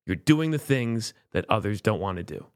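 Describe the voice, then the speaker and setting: A man's voice: fairly low pitch, animated, moderate pace, no echo, studio quality. Wry man hosting a podcast. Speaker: podcast host. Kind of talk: casual podcast conversation.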